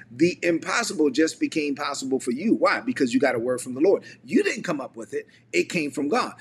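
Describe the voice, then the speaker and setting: A man's voice: a little high, creaky, fairly bright tone, slight background noise. A man preaching a livestreamed sermon as a pastor, repeating key phrases and calling on viewers to respond in the chat. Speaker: pastor and ministry leader.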